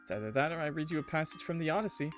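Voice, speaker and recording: A man voicing a nervous young man who talks quietly and stammers. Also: fairly high pitch, animated, racing, faint music behind, pitched above the performer's own voice, natural voice. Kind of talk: game voice acting.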